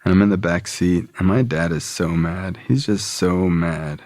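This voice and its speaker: Low-voiced man telling his story, dry sound. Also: unhurried, hardly any pauses, no room sound. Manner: animated, swearing, acts out quoted people. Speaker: podcast guest. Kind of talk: personal storytelling.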